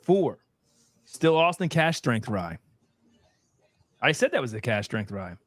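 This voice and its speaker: A man's voice: medium pitch, very animated, measured pace, no echo. A man hosting a casual whiskey tasting panel, bantering, swearing and laughing as he reveals his rankings. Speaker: host.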